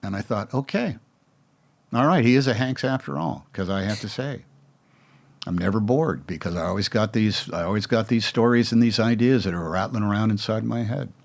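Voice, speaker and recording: A man's voice: lowish voice, a little fast, creaky. A man in his sixties with an American accent, telling stories in a casual interview, rambling with restarts and mimicking other voices. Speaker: actor, interview guest.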